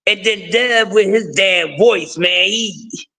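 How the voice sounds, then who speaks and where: A raspy-voiced man hosting a casual livestream, talking in a high register. He is loud and animated, shouting often as he riffs at his audience. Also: takes it slowly. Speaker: livestream host.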